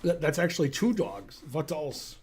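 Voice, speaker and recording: A man commentating a chess game on a live stream, with dry, deadpan wisecracks. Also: fairly high pitch, moderate pace, a little hiss or hum.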